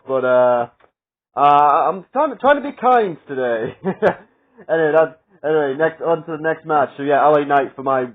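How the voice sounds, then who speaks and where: A man with a slightly high voice talks through his picks in a loose, rambling way. He leans on fillers and laughs at his own jokes. The sound is thin and boxed in, like a phone line. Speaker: wrestling predictions vlogger. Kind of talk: casual solo predictions commentary.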